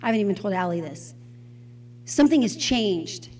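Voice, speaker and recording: A woman teaching a Bible study in an expressive, conversational way, putting questions to her listeners. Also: mid-range voice, moderate pace, a little hiss or hum, poor audio.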